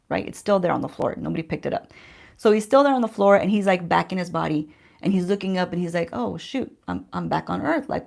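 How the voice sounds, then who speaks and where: Woman, beauty vlogger, gravelly fry, casual storytime chat, talks straight to viewers. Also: on the low side. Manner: chatty, addresses viewers directly, rhetorical questions. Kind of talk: casual storytime chat while doing makeup. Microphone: handheld-range mic while holding a mirror.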